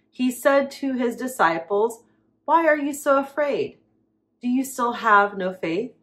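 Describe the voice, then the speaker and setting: A woman preaching, reading Bible verses aloud with slow emphasis and dramatic pauses. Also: a little high.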